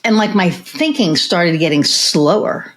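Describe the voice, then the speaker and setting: Brief: lower-pitched woman, podcast host, loose storytelling chat with fillers. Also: lively intonation, unhurried. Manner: rambling, storytelling with many fillers and restarts. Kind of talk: casual interview chat.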